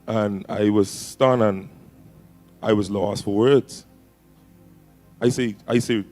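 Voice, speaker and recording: A grieving man gives a funeral tribute, speaking very slowly in a low voice. He halts often, with pauses and fillers. Soft music plays faintly behind him. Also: fairly even intonation. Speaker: mourner at a funeral.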